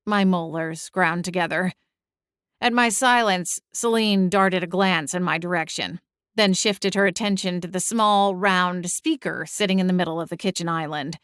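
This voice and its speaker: A young adult woman narrating a first-person audiobook, expressive and exasperated in the dialogue. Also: lowish voice, moderate pace, clean tone, dry recording, studio quality.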